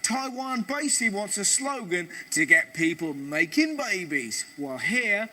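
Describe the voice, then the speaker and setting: A man hosting a comedy show, delivering a jokey news monologue with quick asides and sudden put-on voices. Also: sits high, very animated, sharp tone.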